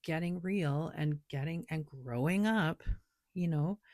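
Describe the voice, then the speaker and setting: A woman's voice: low-pitched, measured pace, darkish tone, no room sound, studio quality. A woman who reads tarot and oracle cards, talking loosely and rambling with lots of filler words in a casual spiritual vlog. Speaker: tarot and oracle card reader.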